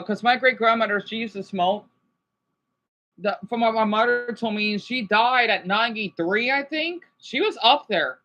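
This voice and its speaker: Bright-voiced man rambling on a livestream. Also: high voice, poor audio. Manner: rambling, halting, with many restarts; sympathetic and emotional. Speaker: livestreamer reading chat. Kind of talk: casual livestream chat.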